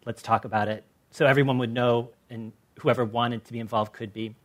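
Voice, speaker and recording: An American man with a mid-range voice speaks on a panel discussion. He is an artist recounting his projects, and he tells his stories in an animated way, slipping into the voices of the people he quotes. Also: mid-range voice, brisk. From Los Angeles. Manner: animated storyteller who acts out quoted people.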